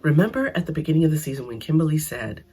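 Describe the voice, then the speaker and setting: A woman with a husky, slightly breathy voice recapping reality TV in a casual, blunt way. She sounds animated and sarcastic, and faint music plays behind her. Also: low-pitched, racing. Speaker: reality TV commentator.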